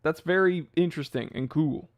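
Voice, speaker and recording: A man's voice: fairly high pitch, normal speed. A man hosting a casual livestream, chatting loosely and rambling, with laughs at his own jokes. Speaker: livestream host.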